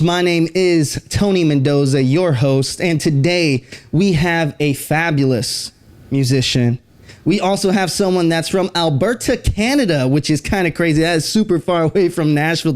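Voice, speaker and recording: A man from San Antonio hosts a casual interview show. His voice sits a touch high for a man, and he hypes up his guest with upbeat, friendly energy before easing into relaxed questions. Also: moderate pace. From San Antonio, Texas. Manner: upbeat, friendly hype intros. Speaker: podcast host.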